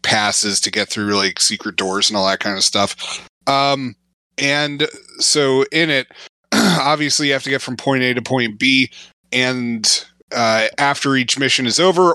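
A man's voice: medium pitch, pushed and bright, dry recording. A man co-hosting a gaming podcast, rambling casually with lots of fillers while describing a game. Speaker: podcast co-host.

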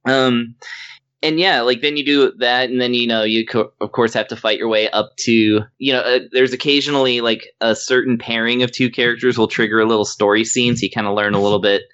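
A man's voice: medium pitch, fairly even intonation, a little fast, a bit bright, smooth, dull audio. A man casually reviewing a video game in rambling chat, with lots of fillers and laughter. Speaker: podcast co-host reviewing games.

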